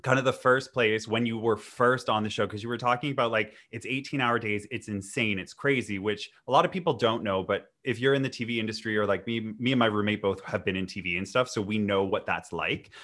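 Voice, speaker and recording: A man's voice: lowish voice, fairly quick, hardly any pauses, a bit bright. A man hosting a podcast interview, asking questions in a chatty way with lots of fillers. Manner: chatty, lots of "like" and "you know". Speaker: podcast host.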